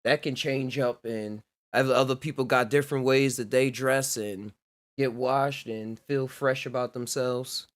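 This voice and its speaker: Male podcast host, mid pitch, relaxed rambling talker who laughs a lot. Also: unhurried. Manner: loose, laughs often, rambling with fillers. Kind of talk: casual conversation.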